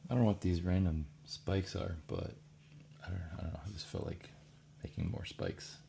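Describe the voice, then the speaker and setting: A man with a very low, gravelly voice and a mellow, warm tone. He rambles casually, thinking aloud as he works on a painting. There is a faint hum of room ambience behind him. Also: normal speed. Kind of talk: casual commentary while painting.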